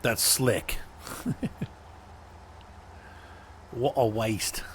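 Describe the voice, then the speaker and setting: A man's voice: fairly low pitch, moderate pace, slight background noise. A man streaming a driving game, chatting casually and answering viewers in chat by name as he plays. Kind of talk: casual gameplay commentary.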